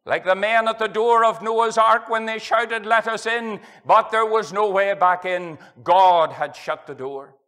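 A middle-aged Northern Irish preacher with an unusually high, bright and forceful voice. He delivers an impassioned evangelistic sermon in a church hall, rising loud and then dropping to a hush. He quotes scripture in old-fashioned phrasing. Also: unhurried, hardly any pauses. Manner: impassioned revival preaching, swinging from loud to hushed.

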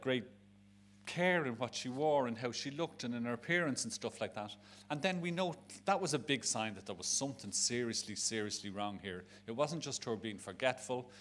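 On stage at a live charity event, an Irish man in middle age delivers a personal talk with a Dublin accent. His mid-range voice is heard against a bit of background noise as he speaks frankly and emotionally, rambling and restarting his sentences.

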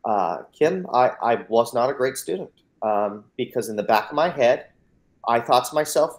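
Speaking at normal speed with lively intonation, this mid-range American man from the United States is a mindset coach sharing his own story in an interview. He's earnest and emphatic, acts out the dialogue, and tends to repeat words when starting a phrase.

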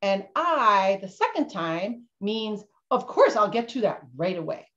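A woman's voice: mid-range voice, sing-song, unhurried, a bit bright. A woman playing a bumbling, jittery male schooner captain who insists he isn't cursed, in a storytelling role-play for kids over a video call. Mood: instructive. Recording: dull lo-fi video-call audio.

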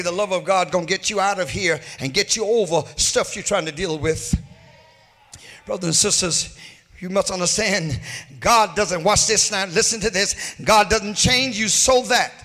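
A pastor preaching a sermon, rising into sung and shouted peaks, recorded in a church sanctuary. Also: male voice, sits high, normal speed. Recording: hall reverb from a church livestream.

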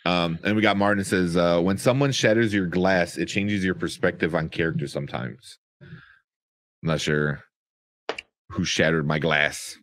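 A man's voice: deep voice, normal speed, fairly bright tone. Rambling, laughing man in casual chat. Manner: rambling, swears freely, laughs often, many fillers. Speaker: podcast co-host reviewing a movie.

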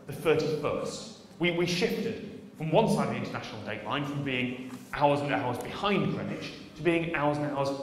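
A man's voice: a little high, normal speed, slight background noise, close to an everyday voice. A man voicing a cheerful male caller from a Pacific island who explains a calendar change in a breezy, matter-of-fact way. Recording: played through speakers in an echoey hall.

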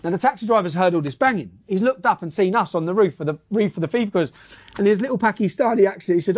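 Brash, profane male commentator with a fairly high voice. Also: animated, fast. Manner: brash, profane, laughing asides. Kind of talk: casual news commentary and anecdote.

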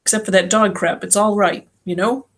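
A woman's voice: medium pitch, fairly even intonation, brisk, natural voice. A woman reading an audiobook, voicing a big-voiced, friendly man who talks in an easygoing, slangy way. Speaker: audiobook reader. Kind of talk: audiobook character voice.

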